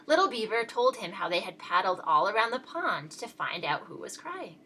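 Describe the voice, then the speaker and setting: A woman reading a children's picture book aloud in an expressive read-aloud style. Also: medium pitch, moderate pace, slight background noise. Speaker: storyteller.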